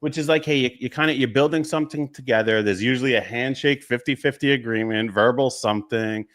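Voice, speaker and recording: A male business coach from Long Island, New York, guesting on a casual talk show. He speaks at a middle pitch and drives his points home with rapid lists of short, emphatic phrases. His delivery is confident and conversational. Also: fairly bright tone.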